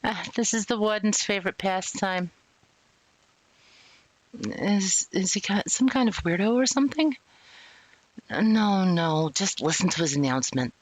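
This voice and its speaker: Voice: mid-range voice, animated, unhurried, long pauses, no room sound, voice pushed up, lightly acted, poor audio. A streamer voicing a tough, chatty young female inmate in a video game, with a put-on New York accent. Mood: knowing. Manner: brash, rambling.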